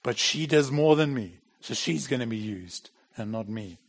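A man's voice: mid-range voice, lively intonation, moderate pace. A middle-aged man preaching a sermon in a plain, conversational way, with bursts of emphasis. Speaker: pastor.

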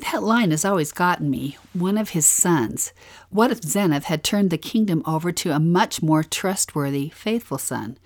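A woman co-hosts a scripture lesson podcast. Her voice is notably deep for a woman, and she speaks in an inquisitive, reflective way, asking questions as she lays out the background. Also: animated, moderate pace. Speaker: podcast co-host.

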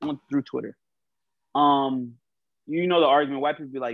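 A man co-hosting a casual podcast chat, telling stories in an animated way, acting out quotes and swearing freely. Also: medium pitch, fast talker, vocal fry, no echo, dull audio. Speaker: podcast co-host.

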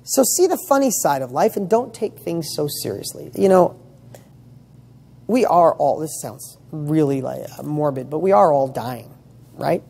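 This man coaching real estate students speaks at a measured pace in a voice on the high side that's creaky, husky and a little mellow, with lively intonation. His motivational talk is emphatic, full of rhetorical questions and casual swearing.

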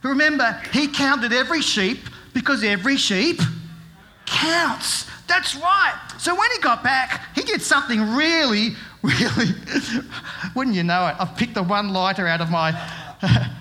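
Slow playful storyteller man at church. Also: extremely high pitch, lively intonation, pushed and bright. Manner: playful storytelling with jokes, asking kids questions. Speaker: children's talk leader at church. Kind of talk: children's talk in a sermon. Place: church service with live audience.

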